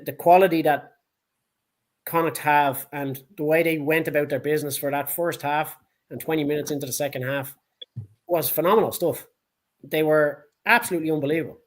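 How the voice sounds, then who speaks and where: A man with a Dublin accent co-hosting a casual sports chat, blunt, heated and full of swearing. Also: on the high side. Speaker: podcast co-host.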